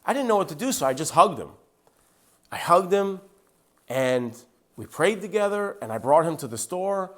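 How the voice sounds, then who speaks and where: Guy with a slightly high voice telling his testimony, chatty, keeps saying "right?". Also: moderate pace. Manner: acts out quoted dialogue with lively shifts; conversational, with "like" and "right?" asides. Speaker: Christian speaker sharing his testimony. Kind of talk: animated personal storytelling.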